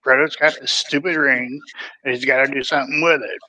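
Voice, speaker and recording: A man's voice: medium pitch, fairly even intonation, a little fast, pushed and bright, no echo, rough recording. A man in a loose, folksy casual book chat, rambling and restarting his sentences. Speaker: podcast co-host.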